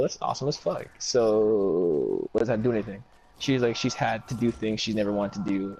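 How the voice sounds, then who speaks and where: A man with a somewhat low voice tells a rambling, profane story in relaxed, casual chat. He jumps between the story and quoted lines from the people in it, with a faint hiss behind him. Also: rough recording.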